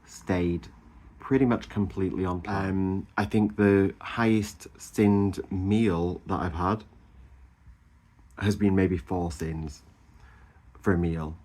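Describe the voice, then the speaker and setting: Man, 30s, low voice; chatty vlogger gushing about his weekend, lots of ums and laughs. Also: fairly even intonation, slow pace, a little mellow. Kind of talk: casual chatty weight-loss update.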